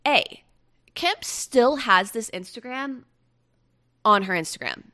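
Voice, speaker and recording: A young woman hosting a casual pop-culture chat, gushing and chatty with quick asides. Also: a little high, expressive, bright, forceful tone. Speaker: podcast host.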